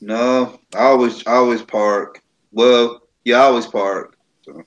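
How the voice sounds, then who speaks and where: A man's voice: mid-range voice, steady tone, a little slow, lo-fi sound. A man co-hosting a podcast in a casual, laid-back way, correcting himself as he talks. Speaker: podcast co-host. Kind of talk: casual chat.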